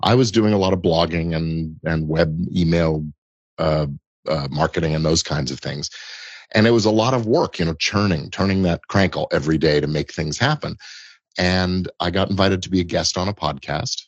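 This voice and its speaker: Very deep husky-voiced man. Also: normal speed, no room sound, muffled recording. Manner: thoughtful, restarts phrases, explanatory. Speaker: entertainment lawyer guest. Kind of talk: conversational interview answers.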